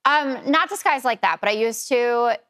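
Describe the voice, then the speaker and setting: A woman's voice: a little high, moderate pace, a bit bright. A woman on a panel chatting casually, hesitant and starting with ums. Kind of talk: casual chat.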